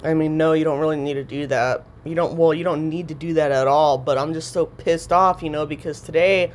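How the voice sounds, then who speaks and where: A woman's voice: deep voice, fairly even intonation, a little fast, slight background noise. A woman vlogging a profane, rambling rant, heated and swearing constantly as she vents.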